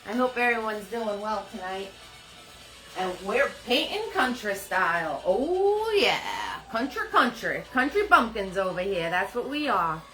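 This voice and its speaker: A woman with a New Jersey accent who drops her R's, leading a live painting class, chatty and quick to laugh as she greets viewers by name. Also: medium pitch, animated, bright, forceful tone, soft background music, rough recording. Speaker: painting instructor.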